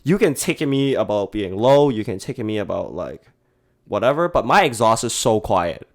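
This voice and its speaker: Low-voiced man hosting a casual podcast. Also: very animated. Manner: chatty, quick to jump in and react. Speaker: podcast host. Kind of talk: casual chat.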